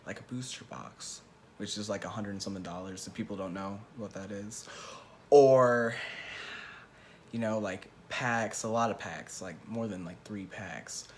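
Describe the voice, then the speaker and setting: A young man telling a story in a casual vlog, stammering through restarts and poking fun at himself, swinging between loud bursts and hushed asides. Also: on the low side, a little slow, a little hiss or hum. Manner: stammering restarts, self-mocking boasts. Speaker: vlogger telling a Magic card game story.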